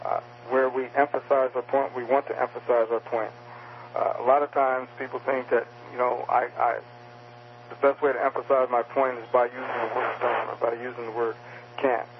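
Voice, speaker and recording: A man's voice: medium pitch, level tone, normal speed, dull audio, slight background noise. A man being interviewed as an author, explaining communication skills with many restarts and fillers. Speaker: author and guest.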